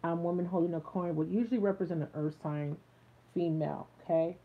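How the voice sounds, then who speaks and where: A woman's voice: fairly low pitch, steady tone, a little fast. A woman giving a live tarot reading to her viewers, chatty with many fillers, speaking into a phone set a little way off. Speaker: tarot reader. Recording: tinny phone-like sound.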